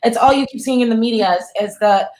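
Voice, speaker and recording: A woman's voice: a little high, fast, darkish tone. A woman on a political webcast panel, making indignant, pointed remarks. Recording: echoey room.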